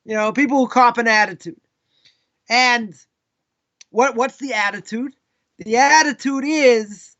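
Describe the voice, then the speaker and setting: A man with a Boston accent teaches a live Torah class as a rabbi, his voice very high and bright. He tells stories and acts out people's questions in quoted voices. The audio is dull and lo-fi, like a live stream. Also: a little slow, long pauses.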